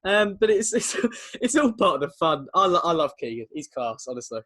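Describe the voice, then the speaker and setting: Young english guy chatting on a podcast, bit high, laughs a lot. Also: very animated, moderate pace, sharp tone. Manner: chatty, laughing often, storytelling. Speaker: podcast co-host. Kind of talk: casual chat.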